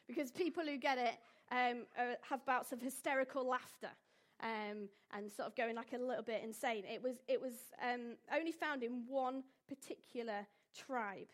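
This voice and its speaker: A young woman giving an informal, jokey talk to a live audience, often asking them questions. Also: high-pitched. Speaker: speaker addressing an audience.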